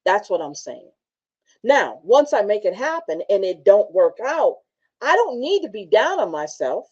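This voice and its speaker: A woman hosting a motivational talk show, reading from her book and telling personal stories in a casual, animated way with frequent laughs. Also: medium pitch, measured pace, husky, dull audio.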